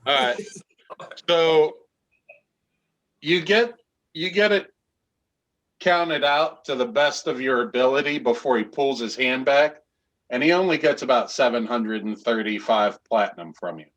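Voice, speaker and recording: A man narrating a tabletop fantasy game as game master, in a measured storytelling manner. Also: medium pitch, a bit bright.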